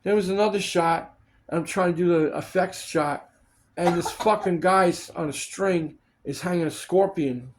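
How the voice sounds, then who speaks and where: A man's voice: high-pitched, moderate pace, slight background noise. A man in casual chat, telling stories of film work, acting out the people he quotes and swearing freely. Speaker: storyteller recalling film work.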